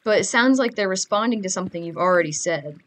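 A woman's voice: mid-range voice, expressive, quick pace, a little hiss or hum. A teenage girl giving casual, goofy gameplay commentary, chatting and rambling to her audience. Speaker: gamer.

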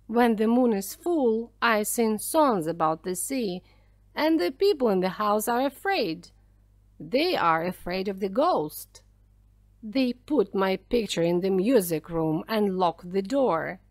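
Storybook ghost pirate, proud and loud, slow drawn-out lines; a woman plays him, dry close sound. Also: mid-range voice, very animated, no room sound. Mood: storytelling.

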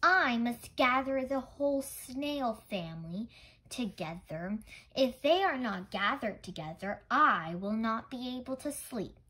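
A woman's voice: a little high, lively intonation, a little slow, pushed and bright, slightly rough, heavily acted. A woman voicing an eager, stubborn little girl who pleads to stay up. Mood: pleading.

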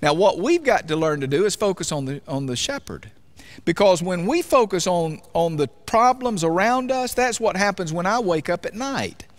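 A man's voice: high voice, animated, moderate pace. A man preaching a sermon in a church, talking conversationally and asking his congregation questions. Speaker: pastor.

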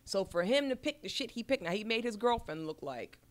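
A woman's voice: medium pitch, brisk. A woman, an actress, chatting casually on a podcast and telling stories bluntly with plenty of swearing. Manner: blunt, profane, animated storyteller. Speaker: actress guest.

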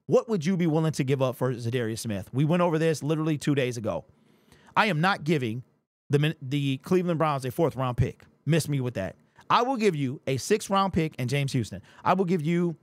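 A man's voice: a little high, no room sound. A man hosting a fan commentary channel, talking in an amped, emphatic way and repeating his points. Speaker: sports channel host.

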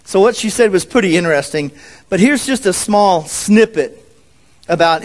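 A man preaching a sermon as a pastor, in an animated, folksy manner. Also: high-pitched, normal speed. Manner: animated, folksy, acts out quotes.

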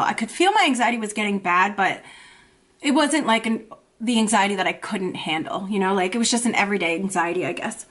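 A woman in her thirties, a mother talking to camera in an emotional personal vlog, anxious and tearful, halting and repeating herself with many fillers. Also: mid-range voice, a bit bright. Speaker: vlogger and mother.

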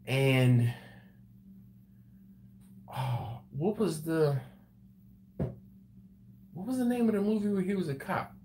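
A man hosting a live stream, reading viewer comments and chatting casually. He tells stories with animated energy and frequent laughs. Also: fairly high pitch, slight background noise. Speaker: BBQ channel host on a livestream.

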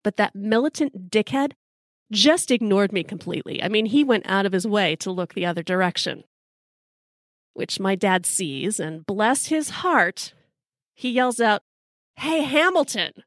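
A woman's voice: mid-range voice, expressive, a little slow, dry recording, clean studio sound. A middle-aged American woman telling a personal story in a wry, casual, sometimes profane way. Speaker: storyteller host.

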